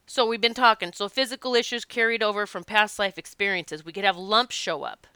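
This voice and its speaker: Bright, crisp-voiced woman storyteller. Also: mid-range voice, brisk, no room sound. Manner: animated, emphatic storytelling. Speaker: past life regression practitioner. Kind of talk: casual spoken talk to an audience.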